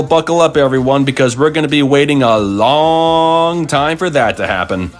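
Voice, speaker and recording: A man's voice: mid-range voice, lively intonation, moderate pace, few pauses, soft background music. A man commenting on a cartoon with wry, sarcastic asides. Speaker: cartoon reviewer.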